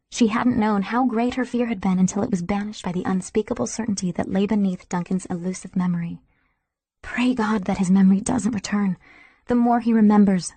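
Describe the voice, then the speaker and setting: Woman audiobook narrator, soft and intimate with a mellow, breathy tone and a dry sound. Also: mid-range voice, no echo. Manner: soft, intimate, sometimes whispering.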